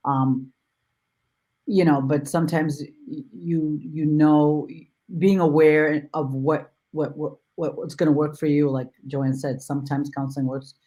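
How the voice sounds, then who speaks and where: A woman dog trainer in casual conversation, speaking haltingly with many restarts and repeated words. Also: low voice, fairly even intonation, mellow.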